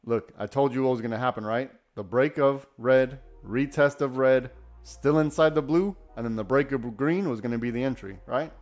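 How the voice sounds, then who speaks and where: Rambling excited man on a live stream. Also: medium pitch, moderate pace, soft background music. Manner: enthusiastic, rambling, self-correcting. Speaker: day-trading livestream host. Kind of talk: casual live stream chat.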